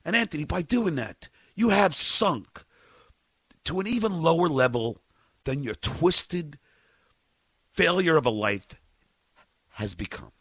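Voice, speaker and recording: A man's voice: fairly high pitch, expressive, takes it slowly, long pauses, slightly rough, dry recording. A middle-aged man hosting a podcast, ranting angrily with stammers and swearing. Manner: stammering, furious, profane, shouting at times. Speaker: podcast host. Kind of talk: angry on-air rant.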